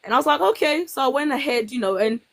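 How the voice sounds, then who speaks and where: A young woman in casual conversation, telling her own stories in an animated way and acting out what other people said. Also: high-pitched, racing. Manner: animated storytelling, acts out quoted voices. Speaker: guest. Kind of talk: casual chat.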